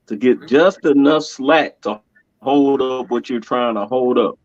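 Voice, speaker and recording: A man in casual podcast conversation, telling stories animatedly, laughing often and slipping into voices for quotes. His middle-pitched voice comes through a dull, muffled lo-fi recording with a dry, close sound. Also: a little slow, no echo. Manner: animated, laughing storyteller who acts out quotes. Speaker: podcast guest.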